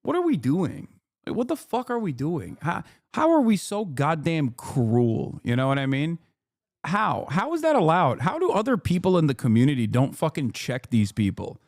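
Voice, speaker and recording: This streamer's slightly high voice swings wildly in pitch at a normal speed, recorded at studio quality with no room sound. Reacting to a video, he delivers a heated, profane rant packed with indignant rhetorical questions.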